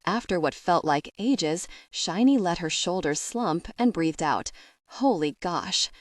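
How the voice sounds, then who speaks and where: A woman narrating a first-person audiobook in a measured, expressive way. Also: fairly low pitch, no room sound, studio quality.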